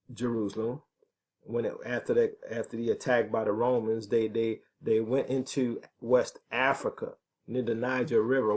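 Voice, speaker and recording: A man preaching to his followers in an unscripted, emphatic way. He throws out rhetorical questions and keeps checking in with his listeners. His voice sits at an ordinary middle pitch for a man. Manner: emphatic, asks rhetorical questions, punctuates with "right?" and "okay". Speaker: ministry teacher. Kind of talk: preaching commentary on prophecy.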